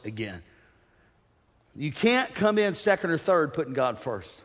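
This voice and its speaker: A man preaching a sermon as pastor, energetic and humorous, calling out to his congregation. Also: on the high side, moderate pace. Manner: energetic preaching with audience call-outs and humor. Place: church sanctuary. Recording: long reverb of a large hall.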